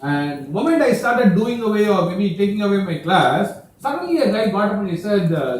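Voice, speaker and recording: Echoey lecturer from India, far off. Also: male voice, high-pitched, very animated, brisk, few pauses. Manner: playful, shifting between put-on accents. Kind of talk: classroom talk with accent imitations. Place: classroom.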